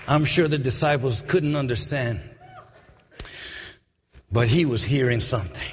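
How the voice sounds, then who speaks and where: Male preacher, slightly high voice, shifts from hushed to shouted, half-sung peaks; long hall reverb. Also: moderate pace, crowd noise, noisy background. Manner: swings from quiet to shouted, sung-out climaxes. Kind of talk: sermon.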